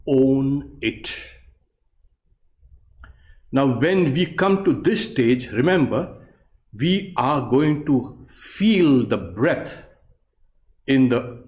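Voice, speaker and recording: A man, a monk and yoga teacher, giving a meditation class in a measured, explanatory way with many pauses. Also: on the high side, animated, a little mellow. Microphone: online class recording.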